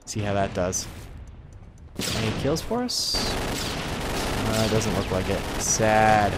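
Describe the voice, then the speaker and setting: A young man giving excitable let's play commentary, yelping and joking while he plays. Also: lowish voice, takes it slowly, very noisy. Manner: excitable, yelps and jokes while playing. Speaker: gaming video host. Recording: voice over loud game gunfire. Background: loud game gunfire and artillery.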